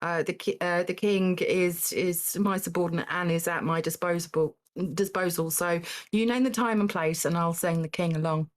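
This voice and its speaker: A woman hosting a live-streamed game show, talking in a halting way with lots of fillers and small laughs. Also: lowish voice, steady tone. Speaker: Taskmaster host.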